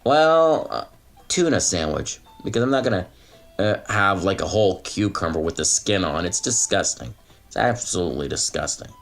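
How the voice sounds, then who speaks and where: A man's voice: deep voice, expressive, normal speed, gravelly, fairly bright tone, faint music behind, pitched below the performer's own voice, full character voice. A man in a played clip, acting as a self-important young online "captain" who lectures and complains. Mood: pompous. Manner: pompous, stiff, lecturing, complaining of being pissed off. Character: self-serious young male online "captain" of a chat platoon, touchy and easily angered.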